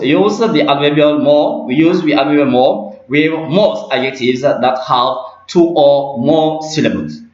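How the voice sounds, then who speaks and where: A man teaching an English grammar lesson, repeating each phrase several times with many pauses and fillers. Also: on the high side. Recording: dull lo-fi roomy recording.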